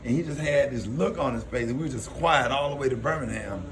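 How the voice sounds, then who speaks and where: A middle-aged comedian with an Alabama Southern accent tells a personal story casually and animatedly, laughing often and acting out the people he quotes. He talks fast at a medium pitch, with a crowd audible behind him.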